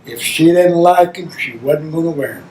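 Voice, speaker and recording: A man's voice: fairly high pitch, normal speed, a little mellow, a little hiss or hum, rough recording. An older man, a father telling rambling, folksy stories about his children. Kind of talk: reminiscing storytelling.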